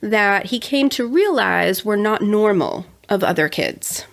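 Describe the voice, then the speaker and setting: A woman's voice: medium pitch, expressive, unhurried, vocal fry. A young adult woman co-hosting a casual true-crime podcast, chatty with sarcastic asides. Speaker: podcast co-host.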